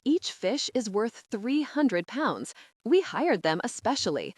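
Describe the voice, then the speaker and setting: A woman's voice: a little high, very animated, slow pace, breathy edge, no room sound, clean studio sound, full character voice. A woman reading an earnest, gushing young female interior designer with a mid-Atlantic accent.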